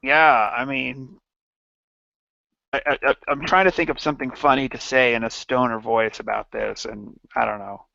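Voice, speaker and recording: A man hosting a livestream in casual satirical chat, halting and rambling with many restarts. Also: medium pitch, steady tone, creaky, pushed and bright, dry recording, highs cut off. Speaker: livestream host.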